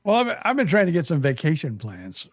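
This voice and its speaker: A man's voice: on the high side, huge pitch swings, fairly quick, dry recording, studio quality. A male podcast co-host in casual chat, rambling with stammered restarts.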